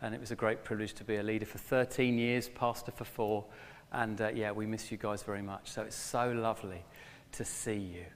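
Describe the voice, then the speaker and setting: A middle-aged man preaching a sermon to his former church, telling a story with lively bursts when he plays a character. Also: lowish voice, fairly quick. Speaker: former pastor, guest preacher. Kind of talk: sermon with a joke. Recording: long hall reverb.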